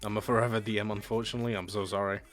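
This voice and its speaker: A young adult man with a British-sounding accent chats loosely with stream viewers while gaming, answering chat messages and swearing now and then. His lowish, fairly bright voice is flat and very fast, with faint music in the background.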